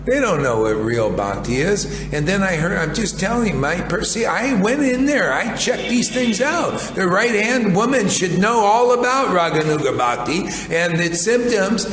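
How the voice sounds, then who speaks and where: A man's voice: high voice, big pitch swings, moderate pace, few pauses, over music. A man in his later years giving a rambling, blunt devotional sermon and saying "man" often. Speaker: spiritual teacher. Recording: echoey hall with faint noise.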